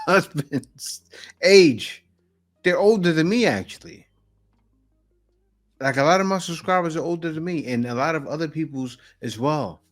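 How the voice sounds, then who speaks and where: A man hosting a reaction video, commenting casually on clips, laughing and repeating phrases. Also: on the high side.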